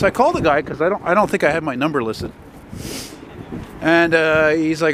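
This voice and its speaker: A man with a gruff voice, walking and talking in a blunt, profane, rambling way as he films a casual vlog. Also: a little high, brisk. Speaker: vlogger. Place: city street outdoors. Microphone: handheld camera. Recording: outdoor traffic noise. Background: street traffic.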